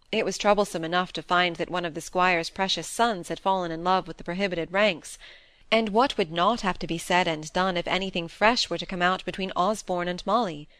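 Calm woman narrating a classic novel. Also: lowish voice, dry recording. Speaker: audiobook narrator.

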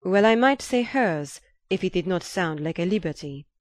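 A woman voicing an earnest, humble young Frenchman who speaks with quiet, pleading insistence. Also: lowish voice, lively intonation, normal speed, no echo, studio quality, close to an everyday voice.

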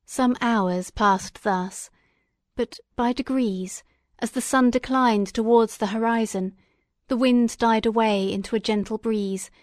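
A woman reading a classic novel aloud as an audiobook, in a measured, expressive and dramatic way. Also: a little high, dry recording, studio quality. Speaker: audiobook reader.

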